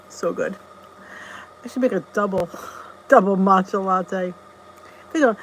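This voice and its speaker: A woman's voice: mid-range voice, slight background noise, low-quality recording. Chatty woman hosting a live stream. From New Jersey. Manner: chatty, greets viewers by name, laughs at herself. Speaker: channel host. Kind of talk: casual live-stream chat.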